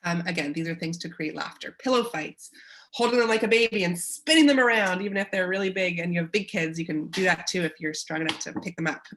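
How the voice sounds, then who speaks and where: Woman, Canadian accent, webinar presenter, encouraging, lower voice. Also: fast talker, a little hiss or hum. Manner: warm, encouraging, acts out short quotes.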